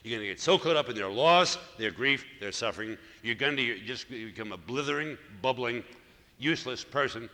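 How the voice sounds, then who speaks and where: A man in his sixties, a Catholic priest, telling a story in a sermon, moving between loud emphatic passages and hushed near-whispers. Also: lowish voice, animated, a little fast. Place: church hall. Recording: live church talk with long reverb and faint noise.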